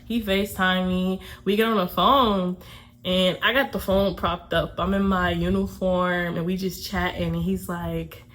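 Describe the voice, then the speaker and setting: A young woman from Atlanta telling a casual storytime to her channel, chatty and quick to break into nervous laughter. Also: on the low side, level tone, fairly bright tone. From Atlanta, USA. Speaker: YouTuber.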